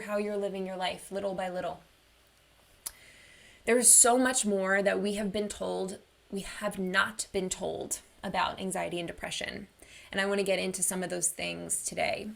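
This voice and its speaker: A woman's voice: mid-range voice, vocal fry. A woman wellness coach giving an online workshop in an earnest, personal storytelling manner.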